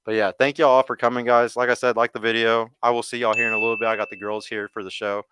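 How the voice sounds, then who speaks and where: A man's voice: medium pitch, little pitch movement, fast, fairly bright tone, smooth, no echo, studio quality. A man hosting a live podcast, ranting with passion and some profanity to his audience, calling them "guys" again and again. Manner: impassioned, emphatic, keeps addressing the audience as guys. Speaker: podcast host. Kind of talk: livestream rant to chat.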